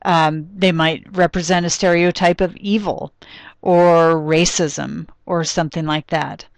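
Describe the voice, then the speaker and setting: Low-voiced woman giving a lecture. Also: steady tone, a little slow, dry recording. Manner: explanatory, thinks aloud with frequent ums and restarts. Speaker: literature lecturer. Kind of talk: recorded classroom lecture.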